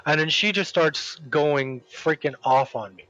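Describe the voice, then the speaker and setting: A man with a slightly raised voice spins a rambling, animated story in casual chat, slipping into quick acted quotes. The sound is dull and lo-fi, with a dry, close feel. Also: on the high side, no room sound. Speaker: streamer telling a story.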